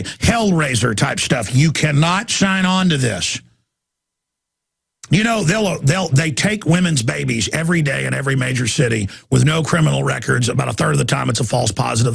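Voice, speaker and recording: A man hosting a talk show, delivering an impassioned political monologue, rapid and emphatic, often repeating and restarting words. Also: on the high side, vocal fry, slightly rough.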